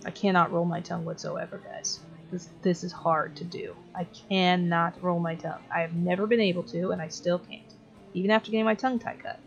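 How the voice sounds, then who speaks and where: Low, gravelly woman gaming. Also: fairly even intonation, moderate pace, muffled recording, soft background music. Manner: chatty and self-deprecating. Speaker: let's play gamer. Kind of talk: casual game commentary. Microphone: headphones on while playing.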